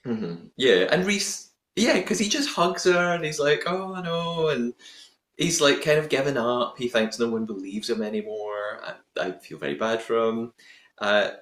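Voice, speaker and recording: A man's voice: medium pitch, normal speed. Chatty man in a roomy echo. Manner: giggly, chatty, animated retelling. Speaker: podcast host. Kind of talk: casual recap chat.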